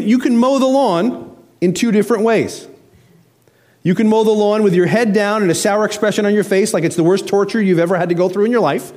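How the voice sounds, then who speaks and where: A man's voice: on the high side, darkish tone. A middle-aged man preaching a sermon as a pastor, in a conversational way that slips into acted-out family voices.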